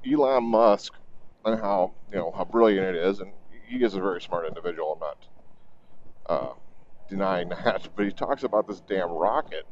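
A man's voice: lowish voice, a little mellow, highs cut off, a little hiss or hum. A man riding a motorcycle to work, chatting loosely and swearing casually in a rambling motovlog. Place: on a motorcycle on the road.

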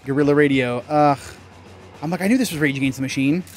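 A young man, a gaming channel host, giving casual gameplay commentary, chatty and excitable, swearing mildly and yelping when things go wrong. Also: fast talker. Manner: excitable, bursts into high yelps and laughs at mistakes. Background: faint game music.

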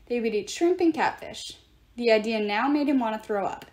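A woman reading a novel aloud in an expressive storytelling way. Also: on the high side, normal speed. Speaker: book reader.

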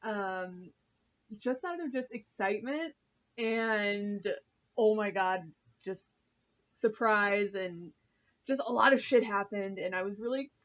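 A woman's voice: medium pitch, measured pace, long pauses, fairly bright tone, highs cut off. A woman vlogger reviewing a TV episode in a chatty, gushing way, full of fillers and swearing. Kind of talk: casual chat.

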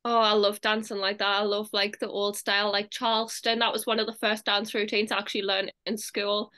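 A young British woman, an actress, chatting casually in an interview, full of "like" fillers and quick laughs. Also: mid-range voice, little pitch movement, bright, forceful tone. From England. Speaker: actress, guest.

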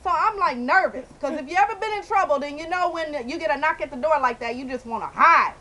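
A young woman vlogging outdoors on a handheld camera, ranting with loud outbursts and dramatic repetition. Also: high-pitched, animated, quick pace, poor audio. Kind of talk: animated comic vlog rant. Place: outdoors by a car.

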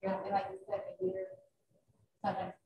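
A woman's voice: mid-range voice, completely flat delivery, fairly quick, warm tone. A woman in the audience chiming in with short, agreeing remarks. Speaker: audience member. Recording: roomy, distant mic.

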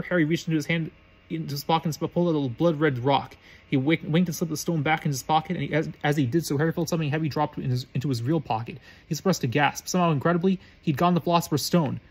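A man reading a story aloud, quickly and with frequent stumbles and restarts. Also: fairly high pitch, darkish tone, breathy edge. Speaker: reader.

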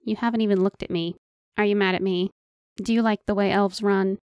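A woman's voice: mid-range voice, fairly even intonation, fairly quick, darkish tone, no room sound, clean studio sound, natural voice. A woman voicing a playful, sweet-toothed male enchanter who chatters theatrically in an audiobook. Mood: teasing. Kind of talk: audiobook character voice.

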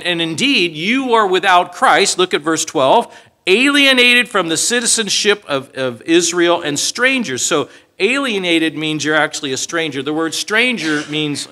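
A middle-aged man teaching the Bible in a sermon, animated and conversational, acting out quoted voices and asking his listeners questions. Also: on the high side.

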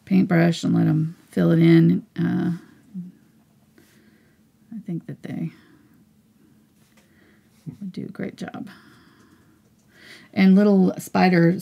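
Soft, breathy woman teaching painting. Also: low voice. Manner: mumbling to herself. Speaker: painting instructor. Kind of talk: live painting tutorial.

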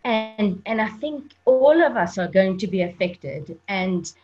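Woman, psychologist guest, earnest animated storyteller, lo-fi call audio. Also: mid-range voice, unhurried. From South Africa. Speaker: clinical and sports psychologist, guest. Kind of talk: personal storytelling in an interview.

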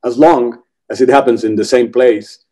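A man's voice: medium pitch, fairly even intonation, normal speed, warm tone. A man, a film director talking casually in a podcast interview, rambling with many restarts. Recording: dull lo-fi remote audio.

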